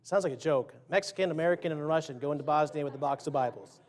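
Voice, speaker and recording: A man's voice: fairly high pitch, fast. Joking, chatty male preacher. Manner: joking, conversational, quizzing the congregation; acts out quotes and sound effects. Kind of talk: sermon. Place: church sanctuary.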